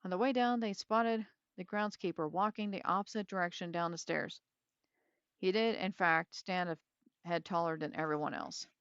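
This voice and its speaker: Smooth-voiced woman reading a novel aloud. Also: fairly low pitch, normal speed, no room sound, highs cut off. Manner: casual, chatty asides. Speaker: reader.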